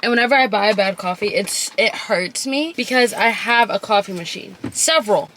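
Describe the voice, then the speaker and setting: Bright-voiced chatty young woman vlogger. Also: mid-range voice, animated, moderate pace. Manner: chatty, lots of filler "like". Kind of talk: casual vlog chat.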